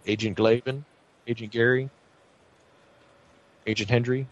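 A man narrating as game master of a tabletop game over a voice call, relaxed and filler-heavy. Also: mid-range voice, unhurried. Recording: slightly muffled online call audio.

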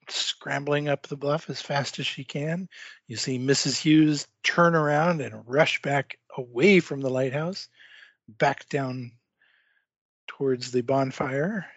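A man narrating as game master of a tabletop horror game over an online call, calm and measured. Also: on the high side, no room sound. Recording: dull online call audio.

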